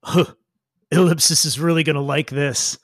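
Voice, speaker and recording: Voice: mid-range voice, fairly even intonation, normal speed, no room sound, studio quality, lightly acted. Big grinning male thug, played by a game master, casual, amused.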